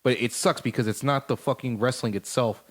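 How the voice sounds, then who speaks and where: A man's voice: mid-range voice, fairly quick. A man co-hosting a casual podcast chat, rambling and swearing with many restarts. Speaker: podcast co-host.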